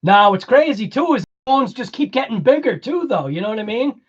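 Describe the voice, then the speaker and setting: A man's voice: extremely high pitch, sing-song, brisk, slightly rough, lo-fi sound. A man with a Boston accent hosting a casual livestream, chatting with viewers, laughing often and rambling through explanations. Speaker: livestream host.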